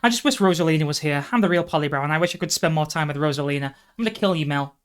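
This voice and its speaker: A woman's voice: low-pitched, very fast, close to an everyday voice. A woman voicing a mopey, weird shut-in young woman with an odd put-on accent, read aloud from a fanfic.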